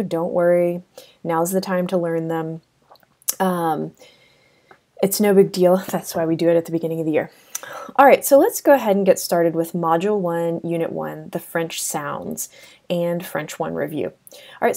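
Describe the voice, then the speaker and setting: A woman's voice: on the low side, mellow. A woman teaching a French lesson over a screen recording, chatty with many fillers and restarts.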